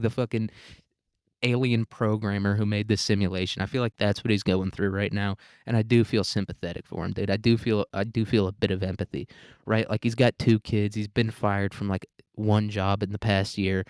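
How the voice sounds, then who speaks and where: A man's voice: fairly low pitch, fairly even intonation, fairly quick, smooth, dry recording, clean studio sound. A man hosting a podcast, rambling through a profane comic rant and saying "dude" a lot. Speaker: podcast host.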